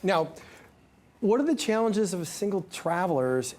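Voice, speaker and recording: A man hosting a radio talk show, asking measured questions in a friendly, encouraging way. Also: high voice, big pitch swings, darkish tone.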